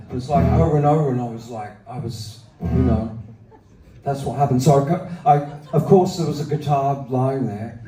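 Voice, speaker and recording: In a sold-out music hall, a singer-songwriter in his seventies tells rambling, profane, self-mocking stories between songs. His mid-range voice is warm and moves at a normal speed, picked up far from the mic with roomy hall sound from the audience area, alongside acoustic guitar and the crowd.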